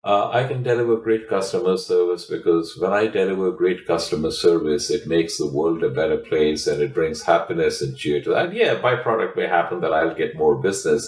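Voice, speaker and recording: A man with an extremely deep voice explains his ideas as a guest executive coach. He speaks in a measured, emphatic way and builds each point with concrete examples. The sound is roomy, with noticeable echo. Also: a little mellow. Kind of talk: explanatory interview talk.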